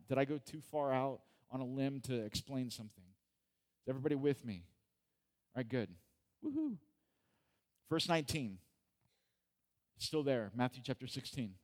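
A middle-aged pastor preaches to his congregation in a relaxed, conversational voice. He jokes and checks in with his listeners. His pitch sits in an ordinary middle register. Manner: conversational and joking, asks the congregation questions. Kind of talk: sermon.

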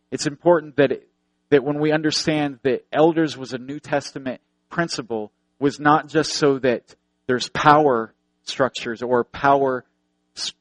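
A man's voice: mid-range voice, dry recording, rough recording. A man preaching a sermon, earnest, repeating phrases for emphasis and telling stories.

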